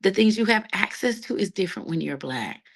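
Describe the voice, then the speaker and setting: A woman's voice: mid-range voice, a little fast, slightly rough. A woman from the United States, a stage actress and singer, telling stories animatedly as a guest in a casual interview. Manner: animated storyteller who acts out quoted people.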